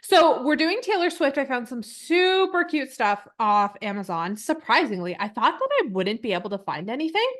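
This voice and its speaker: A woman in her thirties co-hosting a podcast, chatting casually with quick laughs and self-mocking asides. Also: sits high, sing-song, a bit bright. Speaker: podcast co-host. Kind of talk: casual chat.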